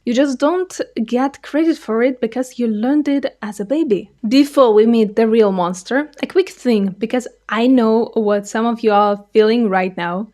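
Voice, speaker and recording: A young woman with a Russian accent presents a scripted language lesson with a playful touch. Her voice sits a little high. She spells things out slowly and clearly. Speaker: language teacher.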